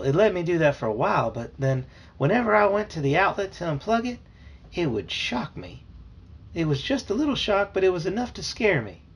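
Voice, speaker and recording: A man reading aloud and voicing a polite, gentle grandmotherly retired teacher with a husky voice. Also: a little high, voice pushed up, exaggerated voice. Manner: gentle, fussy, hospitable.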